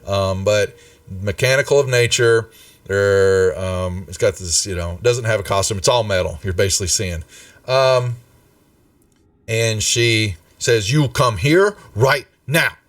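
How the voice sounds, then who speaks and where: Low-voiced game master narrating loosely. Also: male voice, measured pace, no echo, far from the mic. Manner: loose and conversational, searching for words. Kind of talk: narrating a tabletop game on a livestream.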